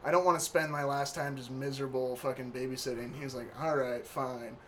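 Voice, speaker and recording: A man's voice: mid-range voice, fairly quick, slight background noise. A young man telling stories in a loose, profane, laughing way during a casual chat. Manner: profane, laughing, animated retelling.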